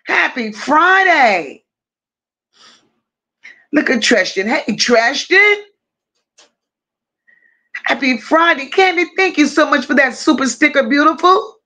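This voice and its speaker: Woman, livestream host, high-pitched, unhurried, affectionate greetings. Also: muffled recording. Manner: drawling, affectionate shout-outs to chat. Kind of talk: casual livestream chat, greeting viewers.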